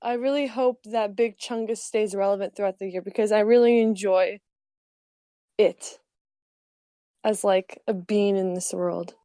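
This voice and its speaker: A woman's voice: mid-range voice, steady tone, unhurried, mellow, no room sound, studio quality. A woman co-hosting a podcast in casual chat, chatty and playful, saying "like" often. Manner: chatty, playful, uses "like" a lot. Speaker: podcast co-host.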